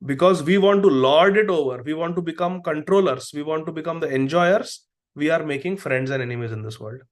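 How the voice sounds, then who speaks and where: This is a middle-aged man teaching a devotional class, and his speaking voice sits on the high side. He talks earnestly and builds his points through stories from his work as a doctor. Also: a little fast. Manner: earnest, storytelling with acted quotes. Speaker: preacher and physician.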